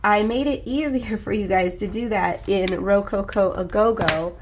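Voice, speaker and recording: A woman's voice: mid-range voice, moderate pace, noisy background. A congested woman hosting a coloring video, chatting casually in a playful, rambling way with plenty of swearing. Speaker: coloring book artist and host. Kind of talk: casual chat while coloring.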